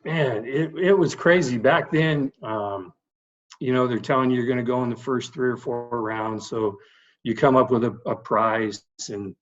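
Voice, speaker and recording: A middle-aged man, a baseball head coach, is a guest on a casual podcast, telling animated anecdotes from his playing days with lots of fillers. His voice is medium-pitched at a moderate pace, and the sound is lo-fi.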